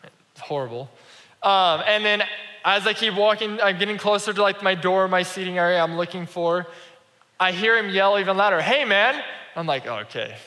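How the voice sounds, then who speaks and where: Bright-voiced man preaching in a hall. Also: sits high, steady tone, normal speed. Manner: conversational storytelling, acts out quoted dialogue. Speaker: pastor. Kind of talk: sermon. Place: church sanctuary. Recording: reverberant church hall.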